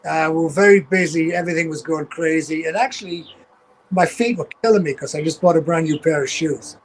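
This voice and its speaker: Older geordie guy, kinda high voice, swears a lot telling old tour stories. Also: brisk, slight background noise, low-quality recording. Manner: salty, swears freely, rambling. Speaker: guest, veteran tour manager. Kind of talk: casual anecdotal storytelling.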